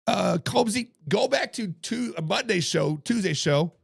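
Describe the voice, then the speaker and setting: Gravelly, hoarse-voiced man sports host. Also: high voice, lively intonation, measured pace, no room sound, studio quality. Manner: chatty, greets viewers in chat. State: hoarse from coaching. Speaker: podcast host. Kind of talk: casual live-stream sports talk.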